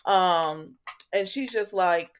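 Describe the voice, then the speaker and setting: A woman's voice: fairly low pitch, slow pace, slight background noise. A woman hosting a casual soap opera recap, chatty and sassy, talking back to the characters.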